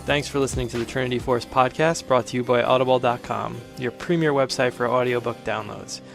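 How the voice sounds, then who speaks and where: A man reading a scripted sponsor message in a steady way. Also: medium pitch, fairly quick, gravelly, music in the background.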